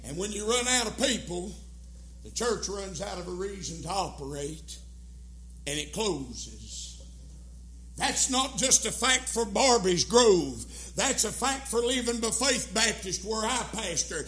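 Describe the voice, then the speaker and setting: A man pastor preaching an impassioned revival sermon. He swings from near-shouts to hushed pleading in sing-song cadences. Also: high voice, very animated, a little slow, roomy sound. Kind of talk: Southern Baptist revival sermon.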